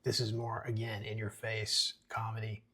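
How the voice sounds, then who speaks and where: A man hosting a screenwriting show who reads a screenplay aloud and breaks it down with casual, relaxed asides. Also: lowish voice, moderate pace, slightly rough. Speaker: screenwriting podcast host.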